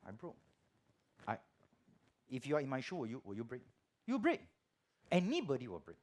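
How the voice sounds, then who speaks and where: A middle-aged Singaporean man with a Singaporean accent, giving a church testimony in chatty Singlish that swings from hushed to loud. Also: medium pitch, huge pitch swings, moderate pace. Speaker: guest preacher.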